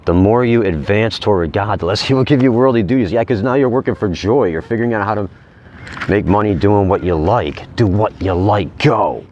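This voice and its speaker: A man reading inspirational quotes aloud and commenting on them casually, repeating key phrases slowly for emphasis. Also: on the low side, a little mellow, muffled recording, a little hiss or hum. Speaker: vlogger.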